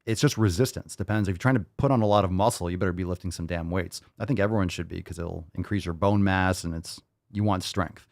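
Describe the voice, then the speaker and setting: Male podcast host, blunt and joking, lower voice, dry close sound. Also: fast talker, vocal fry, darkish tone, no room sound. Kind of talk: live Q&A chat.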